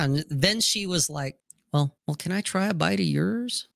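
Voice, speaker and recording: A man hosting a casual talk show, telling stories in a profane, animated way. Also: high-pitched, moderate pace, creaky, dry recording, clean studio sound. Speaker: podcast host. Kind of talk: casual storytelling chat.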